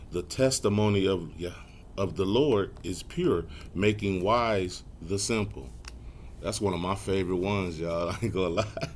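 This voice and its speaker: Low-voiced man teaching scripture. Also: slight background noise. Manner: casual, repeats verses slowly, adds "man" and "y'all". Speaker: Bible teacher. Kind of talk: scripture lesson, reading verses slowly.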